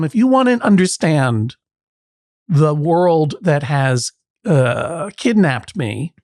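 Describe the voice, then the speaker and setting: A man's voice: on the high side, darkish tone, dry recording, studio quality. Wry, rambling man hosting a mock court. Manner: wry, playful, rambling asides. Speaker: podcast judge host. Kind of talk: comic courtroom banter.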